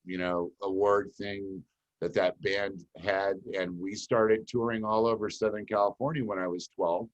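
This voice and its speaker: A man's voice: fairly low pitch, level tone, unhurried, muffled recording. A man hosting an interview show, chatting casually and sharing his own stories. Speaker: show host.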